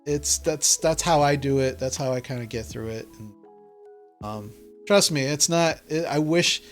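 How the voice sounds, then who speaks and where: A man's voice: fairly high pitch, a little slow, faint music behind. A man who runs a tabletop game, chatting casually and answering viewer questions with many fillers and restarts. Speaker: dungeon master.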